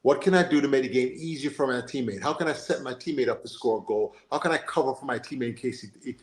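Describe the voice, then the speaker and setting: A man's voice: medium pitch, fast, roomy sound. A man with a Jamaican accent hosting a casual football chat, talking animatedly and often checking in with "you understand?". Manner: animated, repeats himself, asks "you understand?". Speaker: podcast host.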